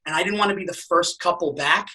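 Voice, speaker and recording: A man's voice: high voice, fast talker, far from the mic, poor audio. A man telling a long, profane story in casual podcast chat, acting out the voices of the people in it. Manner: animated storyteller, profane, acts out quotes. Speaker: podcast guest.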